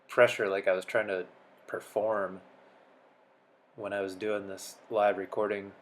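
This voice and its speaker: A man's voice: on the low side, flat delivery, a little slow, slight background noise. A man talking casually through his trading session, sounding sleepy as though he just woke up. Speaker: day trader. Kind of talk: casual trading commentary and voice-over.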